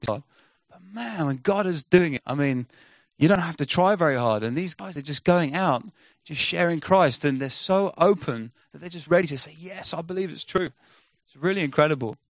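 Man, sermon storytelling, animated, acts out quotes, dry recording. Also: a little high, normal speed, dry recording. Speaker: missionary speaker.

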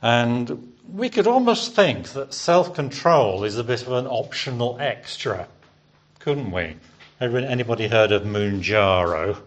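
This man preaches at a church service in a medium-pitched, animated voice at a measured pace. His sermon is interactive: he poses questions to the congregation and has them repeat words after him.

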